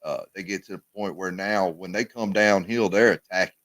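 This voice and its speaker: A man co-hosting a casual sports talk show, animated and often repeating his words. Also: sits low, moderate pace, no room sound.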